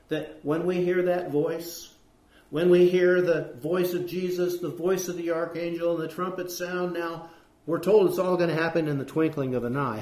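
A man preaching an earnest sermon, slowing down to read scripture and asking rhetorical questions. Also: a little high, darkish tone, roomy sound.

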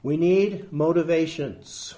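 Emphatic high-voiced male preacher. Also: slow pace, mellow, slight background noise. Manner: emphatic, rhetorical questions, quotes scripture. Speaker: pastor. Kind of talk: sermon.

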